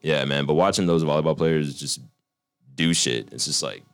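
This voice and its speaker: A young man co-hosting a podcast, chatting in a relaxed, encouraging way with casual swearing. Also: rumbling low, normal speed, smooth, no echo. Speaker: podcast co-host. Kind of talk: casual chat.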